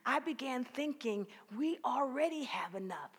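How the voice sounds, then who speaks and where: A woman preaching at a conference, telling a story and building to fervent, near-shouted passages. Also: a little high, expressive, moderate pace, breathy edge. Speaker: conference speaker. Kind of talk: preaching sermon.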